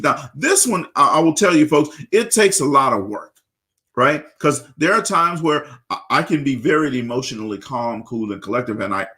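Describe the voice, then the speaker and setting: A man's voice: medium pitch, bright, forceful tone. Upbeat male radio host. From Louisiana. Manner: upbeat, stammers and repeats words. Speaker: radio talk show host. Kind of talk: live radio talk show.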